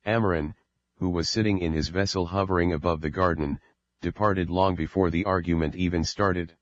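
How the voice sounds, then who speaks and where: A man reads a novel aloud in a plain, steady way, his voice very deep. The recording is dry with no room sound and slightly muffled. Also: normal speed, no room sound. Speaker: audiobook narrator. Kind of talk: scripted narration.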